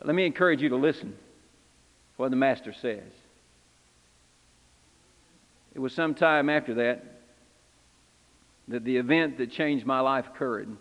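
A man's voice: mid-range voice, moderate pace, long pauses, in a large hall, lo-fi sound, close to an everyday voice. A man preaching in character as Simon Peter, an impulsive, repentant fisherman, telling his story in first person with earnest, confessional feeling. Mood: reflective. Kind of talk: first-person dramatic sermon monologue.

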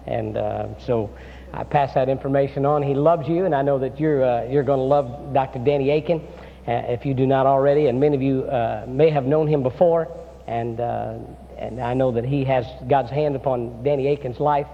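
A man's voice: mid-range voice, normal speed, gravelly. A man preaching a chapel sermon as a guest preacher, folksy and storytelling, with many filler "uh"s. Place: seminary chapel. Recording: dull sound in a reverberant hall.

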